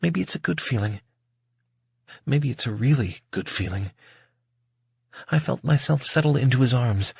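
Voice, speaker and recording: Husky male audiobook narrator. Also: medium pitch, animated, a little mellow, no echo. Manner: measured, wry first-person reading.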